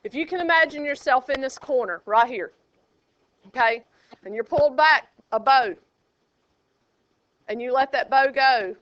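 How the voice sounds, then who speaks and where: A woman teaching a high school math class, chatty and joking, quizzing her students as she goes. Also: moderate pace, pauses often, a bit bright, dry recording, highs cut off. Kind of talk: classroom lecture.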